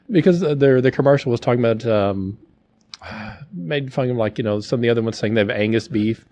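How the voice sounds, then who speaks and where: A man's voice: mid-range voice, brisk, mellow. A man appearing as a guest on a casual podcast, rambling with fillers and restarts. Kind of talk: casual chat.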